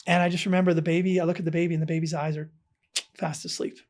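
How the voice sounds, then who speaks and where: A man's voice: on the high side, level tone, racing. Earnest, light-voiced man telling a story. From South Africa. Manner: earnest, dropping to hushed tones. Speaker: podcast guest. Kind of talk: personal storytelling in an interview.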